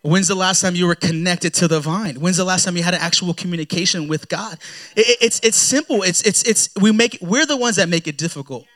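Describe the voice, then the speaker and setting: A man preaching a sermon in a relaxed, conversational way, often repeating words as he acts out his own prayers. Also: high-pitched, brisk. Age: young adult to middle-aged, a father. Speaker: pastor.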